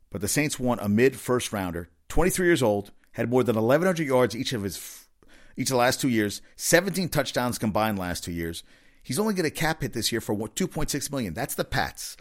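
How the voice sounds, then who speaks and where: A man runs a casual sports talk segment on his own. His voice swings widely in pitch, and he rants in disbelief, stumbling over and repeating his words when something surprises him. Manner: animated, incredulous outbursts, repeats words when excited. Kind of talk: casual sports commentary monologue.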